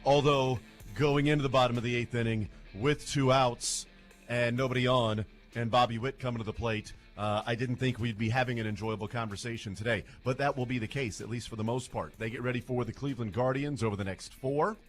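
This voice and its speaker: A man's voice: medium pitch, fairly even intonation, fairly quick, soft background music. A man hosting a sports radio show, chatty and playful as he jokes with his co-hosts. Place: radio studio.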